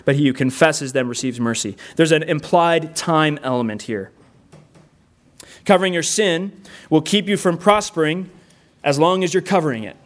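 A middle-aged man preaching a sermon, earnest and plainspoken, with rhetorical questions. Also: on the high side. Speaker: pastor.

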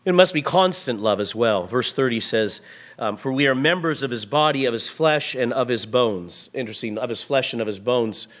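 A man preaching a sermon into a microphone, building from quiet explanation to raised, emphatic passages. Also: medium pitch, moderate pace. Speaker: pastor. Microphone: microphone at a pulpit.

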